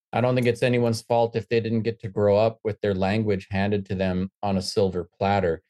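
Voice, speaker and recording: A man's voice: lowish voice, darkish tone. A middle-aged man, a professor and author, answering an interview question with reflective, wry storytelling.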